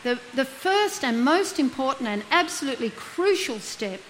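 A woman's voice: high voice, very animated, moderate pace, a bit bright, slight background noise, poor audio. A middle-aged woman, a counsellor giving an earnest talk that leans on rhetorical questions and everyday examples. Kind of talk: reflective talk on guilt.

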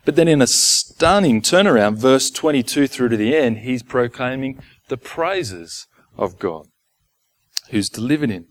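A man preaching a sermon to his church in a relaxed, conversational way, with asides to the congregation. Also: mid-range voice, unhurried. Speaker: pastor. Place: church gathering.

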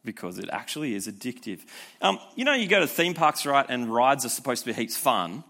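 A young man giving a youth sermon in a conversational, energetic way, with frequent rhetorical asides. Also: medium pitch, brisk. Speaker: youth pastor.

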